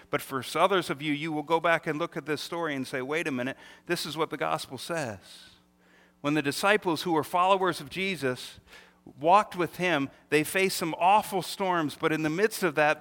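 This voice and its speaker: A man's voice: on the high side, a bit bright. A man preaching a sermon as pastor, with emphatic rhetorical questions and acted-out quotes. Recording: reverberant hall.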